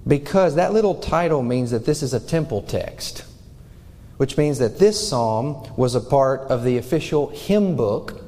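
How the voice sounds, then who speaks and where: Male pastor, earnest sermon delivery with a mellow tone, church hall reverb. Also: medium pitch. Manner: earnest, questioning the congregation directly. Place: church sanctuary.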